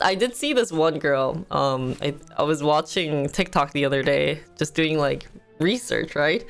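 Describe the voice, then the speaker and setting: Giggly rambling woman streamer, lively pitch. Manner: rambling, giggly, heavy use of "like". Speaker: livestream host. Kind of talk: casual livestream chat.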